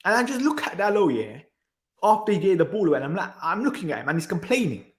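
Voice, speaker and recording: Fast and sing-song, this high-pitched man rants on his football reaction channel. The match has clearly frustrated him: he sighs, repeats himself, and sounds thoroughly exasperated, recorded in a room with echo.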